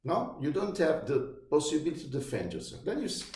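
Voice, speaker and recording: A man's voice: fairly high pitch, big pitch swings. Agitated Italian man in his 50s, roomy sound. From Italy. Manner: agitated, halting, many restarts, rising to shouts. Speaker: vlogger. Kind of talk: personal complaint monologue. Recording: roomy echo.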